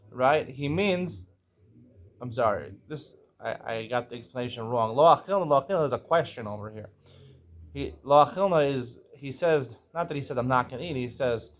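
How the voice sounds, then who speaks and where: A man teaching a page of Talmud, mixing read Aramaic with plain English explanation. He checks in with "right?" again and again and clears his throat from time to time. He stops to correct himself when he gets part of the explanation wrong. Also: mid-range voice. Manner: reads Aramaic then explains in English, asks "right?" often; clears throat now and then.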